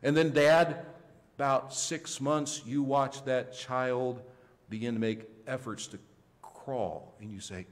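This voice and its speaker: A man's voice: mid-range voice, measured pace, slight background noise. Emphatic male pastor preaching in reverb. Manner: emphatic preaching with sudden loud rises and soft drops. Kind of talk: sermon. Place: church sanctuary.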